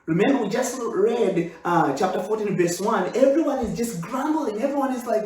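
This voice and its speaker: A man preaching a sermon as pastor, swinging between loud exclamations and hushed, intimate speech. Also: high voice, moderate pace, hardly any pauses. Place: church sanctuary. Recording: echoey room, far from the mic.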